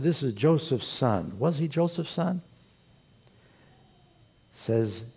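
A man preaching a sermon as pastor, telling the story with animated, storytelling delivery. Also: mid-range voice, vocal fry, husky.

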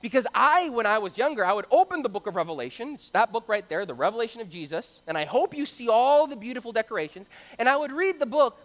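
A young man from Brazil telling a story in an animated sermon, acting out the voices of the people in it. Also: extremely high pitch, fast. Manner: animated, acts out quoted voices. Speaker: preacher. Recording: long hall reverb.

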